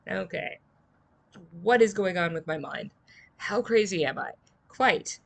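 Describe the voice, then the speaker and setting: A woman's voice: medium pitch, a little slow, vocal fry, a little hiss or hum. A woman streaming a game, reading its lines aloud and reacting with chatty giggles.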